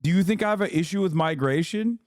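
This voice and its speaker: Blunt, fast-ranting male streamer. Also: sits high, dry recording, clean studio sound. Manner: blunt, profane, rapid-fire ranting. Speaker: livestream host. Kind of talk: streamer commentary.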